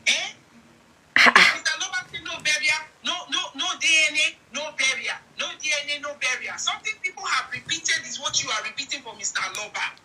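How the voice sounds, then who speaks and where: Sharp-toned Nigerian woman firing indignant questions. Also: high voice, lively intonation, recorded from a distance, slight background noise, poor audio. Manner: indignant, rapid rhetorical questions. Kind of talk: heated commentary chat.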